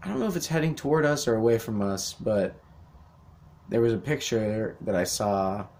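A man's voice: fairly low pitch, animated, normal speed, a little mellow. A young man hosting a podcast, delivering a rambling, profane rant with sarcastic asides. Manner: rambling, sweary, sarcastic mock voices. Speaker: podcast host. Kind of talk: profane ranting monologue.

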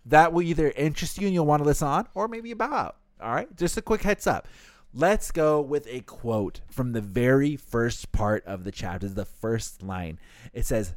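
Male podcast host, mid-pitch, relaxed and profane, recorded close and dry. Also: normal speed, no echo. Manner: laid-back, swears freely, reads passages aloud. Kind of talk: casual podcast chat recapping a novel.

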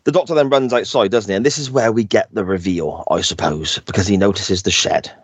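A man with a fairly low voice chats casually on a podcast, recapping scenes and slipping into quoted lines with easy laughter. The sound is dry and close to the mic. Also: fairly quick, breathy edge, no room sound. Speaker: podcast co-host. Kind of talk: casual chat recapping an episode.

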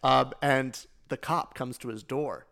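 A man co-hosting a podcast, telling a story in a relaxed, casual way. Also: medium pitch, unhurried, gravelly. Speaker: podcast co-host. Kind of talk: casual chat.

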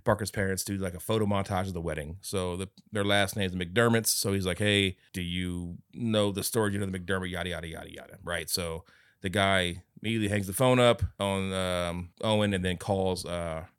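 A man's voice: low-pitched, fairly even intonation, a little fast, clear, resonant tone, no echo, clean studio sound. A man co-hosting a podcast, recapping a movie in casual, profane chat and acting out characters' lines with laughter. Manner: swears often and acts out lines, laughing. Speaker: podcast co-host.

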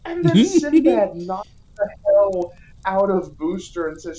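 A woman's voice: mid-range voice, lively intonation, takes it slowly, warm tone, poor audio. A woman co-hosting a casual movie review podcast, retelling the plot and acting out the characters' lines. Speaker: podcast co-host.

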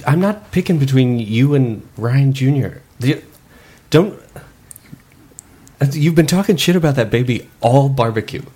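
A man's voice: mid-range voice, animated, measured pace, warm tone, husky. A man voicing a weary, stubborn grandfather who refuses to take sides, in an improvised comedy scene.

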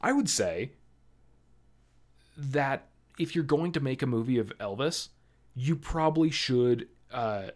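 A man co-hosting a movie review chat, talking casually with lots of fillers and restarts. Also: mid-range voice. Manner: rambling, filler-heavy, many likes and ums. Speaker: movie review podcast co-host.

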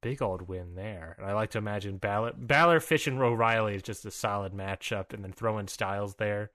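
A man's voice: lowish voice, brisk, a bit bright. A man co-hosting a podcast, recapping wrestling in a rambling, upbeat way with many fillers and restarts. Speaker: podcast co-host. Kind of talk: casual wrestling recap chat.

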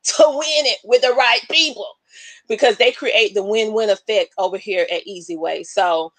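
Woman, live-stream host, emotional, preachy, animated, bright voice, dry sound. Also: a little high, normal speed, no echo. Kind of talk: casual live-stream talk. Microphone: webcam.

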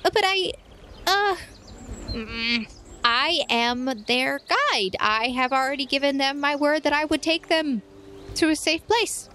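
A woman voicing an excitable, lonely young girl who pleads in quick bursts. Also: sits high, a little hiss or hum, pitched above the performer's own voice. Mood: pleading.

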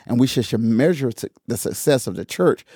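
What starts as easygoing podcast talk about church turns into preaching, as the male host laughs frequently, stays animated and repeats phrases for emphasis. He speaks briskly at a medium pitch with a slightly rough voice, recorded at studio quality with no room sound.

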